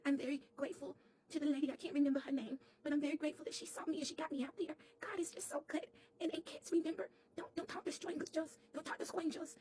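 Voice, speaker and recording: A woman's voice: sits high, noisy background, close to an everyday voice. A woman voicing a sweet, chatty little girl doll who stammers and repeats her words as she tells a comic story to camera. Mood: earnest.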